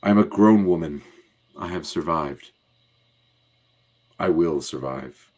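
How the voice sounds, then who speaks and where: A man's voice: deep voice, slow, a little mellow, pitched below the performer's own voice. A man reading as a proud mutant woman stripped of her powers. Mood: solemn.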